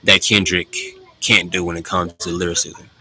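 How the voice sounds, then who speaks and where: Male co-host, casual chat, bright edgy tone, lowish voice, opinionated and emphatic. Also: normal speed, a little hiss or hum, rough recording. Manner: animated, opinionated, with emphatic rises.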